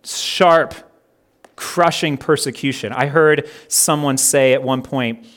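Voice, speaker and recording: A pastor preaching a sermon in an earnest way, slowing down and stressing each item when he reads out a list. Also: mid-range voice, fairly bright tone. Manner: earnest, slows down and stresses items in lists.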